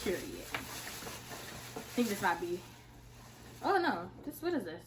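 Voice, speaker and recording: Excitable teen girl with a lively voice. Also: medium pitch, unhurried, slight background noise, low-quality recording. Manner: excitable, loud repeated exclamations. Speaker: vlogger. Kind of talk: casual gift-opening vlog.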